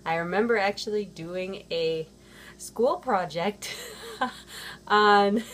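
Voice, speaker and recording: A woman's voice: medium pitch, slow, a bit bright, a little hiss or hum. A woman vlogger talking casually to camera, rambling with many fillers and restarts. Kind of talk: casual chat.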